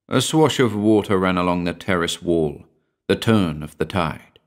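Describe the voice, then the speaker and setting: Man, very deep voice, horror story narration, measured and brooding. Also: lively intonation.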